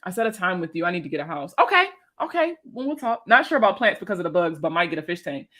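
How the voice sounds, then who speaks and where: A woman chats casually on a livestream, rambling from topic to topic. She swears freely and laughs easily, and her voice is bright and forceful. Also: lowish voice, big pitch swings, fast talker, slight background noise. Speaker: personal finance creator and veteran.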